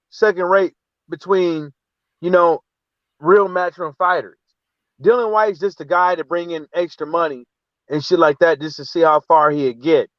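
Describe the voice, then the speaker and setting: A man's voice: high voice, no room sound. A man co-hosting a boxing talk show, blunt and profane, often asking "you know what I'm saying" in a heated casual debate. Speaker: podcast co-host. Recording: dry, dull lo-fi line.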